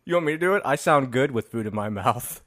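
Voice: medium pitch, expressive, quick pace, fairly bright tone. A podcast co-host running a movie-quote quiz in casual chat, playful and teasing.

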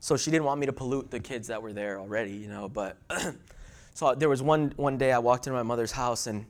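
A middle-aged male pastor delivers a church sermon, climbing to loud, emphatic peaks before dropping into hushed storytelling. He often repeats words as he restarts, speaking a little fast in a mid-range voice.

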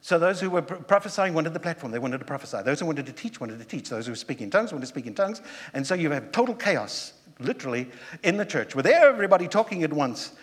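A man's voice: on the high side, very animated, fast. Male preacher in a reverberant hall. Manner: conversational preaching with rhetorical questions and asides. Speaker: pastor. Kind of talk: sermon.

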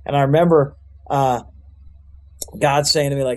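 A man's voice: medium pitch, fairly even intonation, moderate pace, darkish tone. A young man, a youth pastor, telling his life story in a loose, rambling way with lots of fillers. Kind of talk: casual storytelling testimony.

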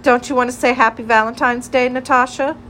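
A woman's voice: fairly high pitch, fairly even intonation, a little fast, fairly bright tone, slight background noise, voice pushed up, lightly acted, rough recording. A woman reading an audiobook, voicing a bubbly, teasing teenage girl who chatters playfully and pushes her shy friend.

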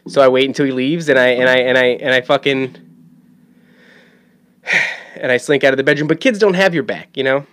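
A man's voice: mid-range voice, a little fast, pauses often, a bit bright. A man, a father, talking in a casual monologue, rambling and swearing freely, with many restarts and stammered words. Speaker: father talking about his son.

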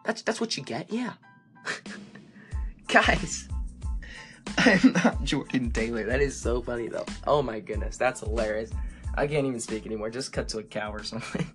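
A man's voice: medium pitch, lively intonation, fairly bright tone, faint music behind. A young man hosting a fan podcast in a casual, playful, joking way. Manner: playful, joking, quick asides.

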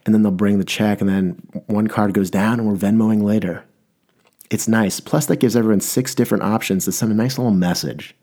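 A young man with a low, husky voice, delivering a comedic rant. He rambles and breaks off mid-sentence to restart his thoughts. The whole thing has a mock-earnest, playful tone. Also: steady tone, brisk, mellow.

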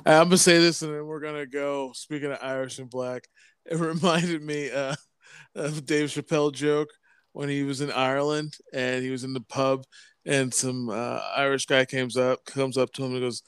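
Man, podcast co-host, smooth clear voice, dry close sound. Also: medium pitch, little pitch movement, moderate pace, a bit bright, no room sound. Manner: laughs often, swears at himself. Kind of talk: casual chat.

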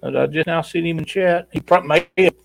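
A man's voice: fairly high pitch, fairly even intonation, a little fast, creaky, low-quality recording. A man co-hosting a live stream giveaway in a casual, folksy way, reading chat comments aloud.

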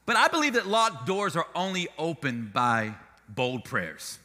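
A man's voice: fairly high pitch, measured pace, big-room sound. A male pastor preaching a sermon, telling stories with humor and energy. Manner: animated storytelling with humor.

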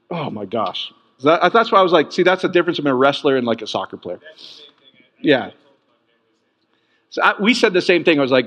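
Animated high-voiced male preacher. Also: brisk, long pauses, in a large hall. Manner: animated, swings from loud peaks to low asides. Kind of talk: sermon.

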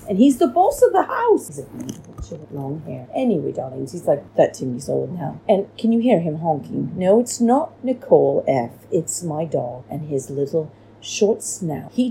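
A woman's voice: deep voice, creaky, mellow, a little hiss or hum, rough recording. A woman hosting a podcast, rambling through a casual recap chat and calling her listeners darlings, recorded at home on a cheap microphone. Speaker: podcast host. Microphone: cheap free microphone.

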